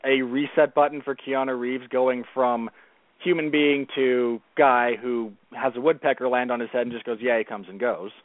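A man's voice: medium pitch, no room sound. A man who is a guest on a film podcast, talking earnestly and often restarting and correcting his sentences. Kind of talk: casual film discussion. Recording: tinny phone-like line, dry.

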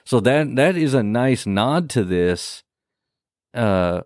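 A man co-hosting a casual podcast, recapping a horror movie with lots of swearing and quick acted-out lines. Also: mid-range voice, no room sound, clean studio sound. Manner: profane, animated, acts out movie characters in quick bursts. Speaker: podcast co-host.

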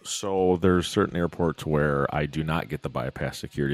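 A man's voice: a bass voice, normal speed, hardly any pauses, faint music behind. A man hosting a podcast, telling stories in a casual chat and laughing often. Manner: animated storytelling, laughs often. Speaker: podcast host. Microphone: studio podcast mic.

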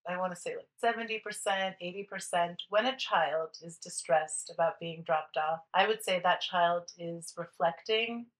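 A woman co-host talks through parenting questions in a relaxed chat. She speaks with emphasis, often stopping and restarting her sentences. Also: fairly low pitch, moderate pace, few pauses, low-quality recording. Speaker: podcast co-host, former nanny. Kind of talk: casual chat.

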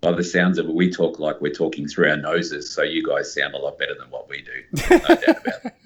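A man's voice: extremely low pitch, flat delivery, fairly quick, fairly bright tone, lo-fi sound. A man with an Australian accent, chatting as an upbeat guest over a call. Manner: chatty, upbeat, uses slang. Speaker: guest photographer. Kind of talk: casual chat.

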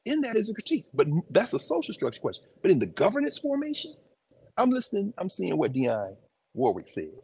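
A man hosting and lecturing informally in a museum, animated and preacherly, talking back to his listeners. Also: on the high side, brisk, creaky, breathy edge. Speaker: host, professor. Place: museum, indoors.

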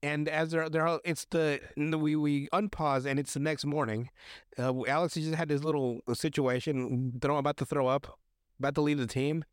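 A young podcast host with a clean, somewhat high voice speaks at a moderate pace with little pitch movement while recapping a TV episode. The chat is crude and casual, heavy on swearing, fillers, and restarts as he rambles. The studio sound is clean, with no room sound.

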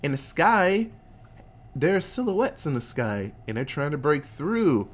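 Brief: podcast co-host, excitable and profane, very animated pitch. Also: unhurried. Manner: excitable, profane, laughing often. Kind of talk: casual movie recap.

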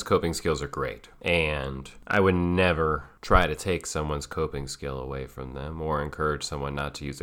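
A man who works as a child play therapist, speaking in a calm, measured, thoughtful way. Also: rumbling low. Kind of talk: reflective solo talk.

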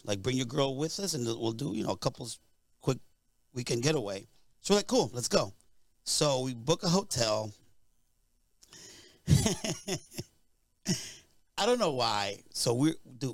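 A man's voice: medium pitch, expressive, normal speed, vocal fry, long pauses, dry recording. A young man co-hosting a podcast, telling a long, rambling story with lots of asides. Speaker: podcast co-host. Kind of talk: casual storytelling.

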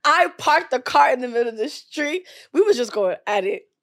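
A young woman, chatting on a podcast in a fairly high voice. She tells stories with animated energy and laughs often. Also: fairly quick. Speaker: podcast co-host. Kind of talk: casual chat.

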